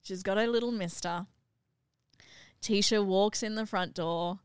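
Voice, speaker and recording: A middle-aged woman hosting a family podcast, animated and laughing as she retells a family story. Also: mid-range voice, a little slow, clean tone, dry recording, clean studio sound. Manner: animated, acts out what others said, laughs while telling. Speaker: podcast host and mother.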